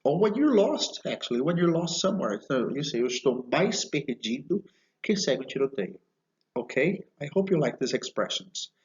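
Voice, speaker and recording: A man teaching idioms in a video lesson, speaking slowly and explaining patiently. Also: fairly high pitch, very animated, muffled recording. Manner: slow, explanatory, repeats phrases and checks with "okay?". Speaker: Portuguese teacher.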